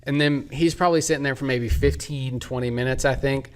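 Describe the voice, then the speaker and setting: A man in his twenties, a podcast co-host, telling a personal story in a casual, animated way and acting out the people in it. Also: medium pitch, brisk.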